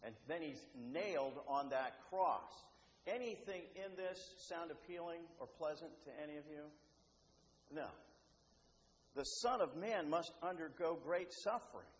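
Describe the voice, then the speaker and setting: Man, sermon, animated delivery, dull lo-fi sound, faint noise behind. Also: a little high, unhurried. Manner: animated, acts out quoted voices, repeats and restarts. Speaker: preacher. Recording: roomy, dull, faintly noisy hall.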